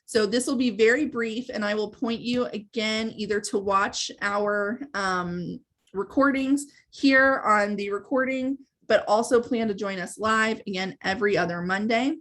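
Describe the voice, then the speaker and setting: A woman's voice: medium pitch, a little slow, fairly bright tone. A woman hosting a live training webinar, explaining step by step in a conversational way. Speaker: webinar host and sales trainer.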